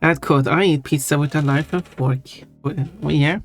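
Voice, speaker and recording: A man hosting a livestream, answering chat casually in a halting way and chuckling. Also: fairly high pitch, fairly even intonation. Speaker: livestream host. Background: faint background music.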